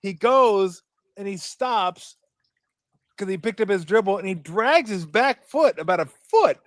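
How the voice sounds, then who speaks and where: A man's voice: high-pitched, expressive, moderate pace, dry recording. A man hosting a sports show, asking questions, telling stories and laughing easily in casual chat. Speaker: sports podcast host.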